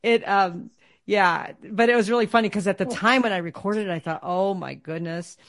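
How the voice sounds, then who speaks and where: A woman co-hosting a podcast, chatting casually in a soft, rambling way and laughing often. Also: mid-range voice, brisk. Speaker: podcast co-host and author.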